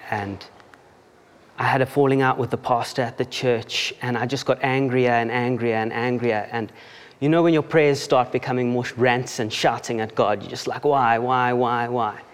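A man's voice: medium pitch, steady tone, moderate pace. A man from South Africa with a South African accent, giving a chatty, self-deprecating testimony at church, laughing often and restarting his sentences. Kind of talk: conversational sermon testimony. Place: church hall. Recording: long church-hall reverb.

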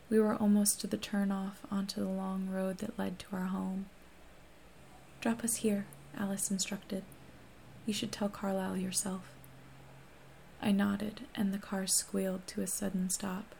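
An audiobook reader with a mid-range voice narrates a first-person novel in a hushed, steady way, often dropping to a whisper. Her delivery stays flat with heavy gravelly fry, over a faint hiss of background noise.

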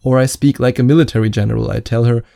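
Gravelly German-accented man, joking dating coach. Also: medium pitch, fairly even intonation, fast, mellow, no room sound, clean studio sound. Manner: playful, joking delivery. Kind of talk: advice vlog.

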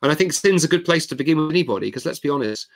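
A man's voice: on the high side, rapid-fire. A man, a guest author, talking casually and animatedly, acting out quoted dialogue as he tells stories. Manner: animated storyteller who acts out quoted dialogue. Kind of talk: casual conversation.

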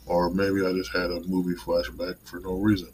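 Host, male, very low and monotone voice, loose rambling pep talk with some swearing, faint crickets behind. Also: fairly quick, noisy background. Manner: casual, digressive, mildly profane. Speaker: podcast host. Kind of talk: rambling motivational monologue.

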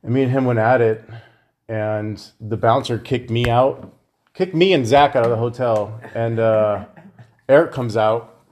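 A man's voice: medium pitch, fairly even intonation, unhurried, a little mellow, slight background noise. A man on a casual podcast telling a fight story with lots of swearing and laughter. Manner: profane storytelling, laughing through anecdotes. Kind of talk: casual chat.

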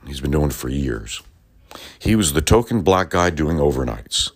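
A man delivering an impassioned, profane political rant, swinging between low mutters and loud outbursts. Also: sing-song, moderate pace, long pauses.

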